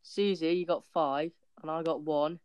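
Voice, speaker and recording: A man's voice: a little high, steady tone, unhurried, clear, resonant tone. A man hosting a casual podcast in a chatty, loose way. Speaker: host.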